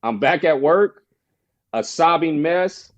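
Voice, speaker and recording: A man tells a personal story as a podcast guest, casual and full of slang. He animates the voices of the people he quotes. His voice sits a little high, and the audio is slightly dull and lo-fi. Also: takes it slowly. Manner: animated storyteller, acts out quoted friends in a higher voice; casual slang, frequent "bro" and "you know".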